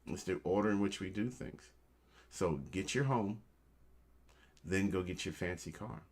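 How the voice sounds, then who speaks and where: A man's voice: low-pitched, unhurried, long pauses. A man hosting a casual show, joking around and giving motivational tips, calling his listeners family. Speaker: host.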